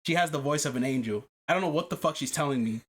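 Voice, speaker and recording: A podcast host, a man with a fairly high voice, talks quickly as he tells a long personal story. The chat is casual, animated and profane, and he repeats himself often.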